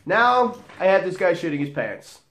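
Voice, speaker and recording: A man's voice: fairly high pitch, lively intonation, measured pace, a bit bright, reverberant, highs cut off. A man who works as a bar bouncer, telling a story in a profane, dramatic way and acting out the dialogue. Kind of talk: storytelling vlog.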